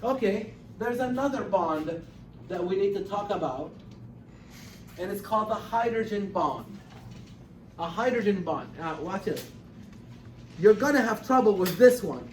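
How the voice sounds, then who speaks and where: A man with a high voice lectures a chemistry class, pressing his points with emphatic, animated repetition. He is picked up from across an echoey classroom, so he sounds roomy and distant over faint background ambience. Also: a little hiss or hum. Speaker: chemistry teacher.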